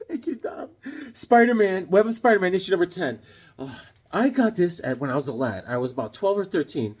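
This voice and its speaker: A man chatting casually as he unboxes comics, excitable and gushing, cracking jokes as he goes. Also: fairly high pitch, normal speed. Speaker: comic collector vlogger.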